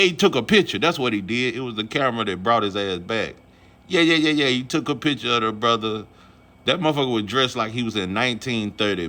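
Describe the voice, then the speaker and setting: A man's voice: lowish voice, pushed and bright. A man vlogging about boxing in a casual, rambling, profane rant full of fillers.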